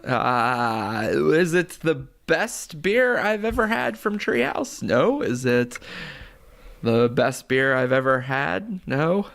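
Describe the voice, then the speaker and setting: A man from Pittsburgh co-hosting a casual beer-tasting podcast, playful and quick to laugh. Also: medium pitch, very animated, creaky, a bit bright. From Pittsburgh, USA. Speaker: podcast co-host.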